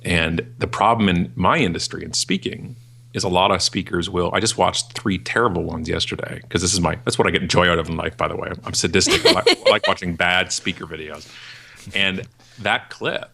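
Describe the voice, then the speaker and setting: A man in his forties, a podcast guest and keynote speaker, talking in a ranting, jokey way and acting out other people in a high voice. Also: lively intonation, a little fast, creaky, sharp tone, slight background noise. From Canada. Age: 40s. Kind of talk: animated podcast interview.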